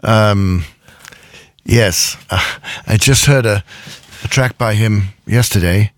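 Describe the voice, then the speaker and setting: A man's voice: on the low side, slow. A man co-hosting a radio show in casual chat, joking and teasing. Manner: playful, teasing.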